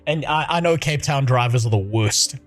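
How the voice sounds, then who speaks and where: A man's voice: medium pitch, moderate pace, faint music behind. A man in his thirties, a livestreamer chatting casually, swearing freely and laughing often. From South Africa. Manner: profane, laughs often while talking. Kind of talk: casual chat.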